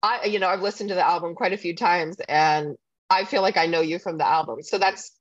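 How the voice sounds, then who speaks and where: A woman's voice: fairly low pitch, brisk, dry recording, dull audio. A woman hosting an interview, enthusiastic and chatty. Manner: enthusiastic, chatty, laughs often. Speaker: podcast host. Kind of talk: casual interview chat.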